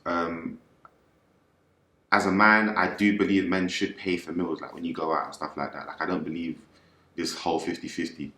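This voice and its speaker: A man, a panelist explaining his views in a measured, thoughtful way. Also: low voice, little pitch movement, bright, forceful tone, echoey room. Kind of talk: casual panel talk.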